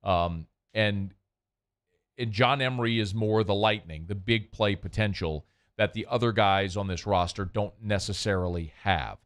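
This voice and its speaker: A man's voice: fairly low pitch, a bit bright. A man hosting a sports radio show, chatting loosely about sports and doing a live ad read. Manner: chatty, loose, quick asides.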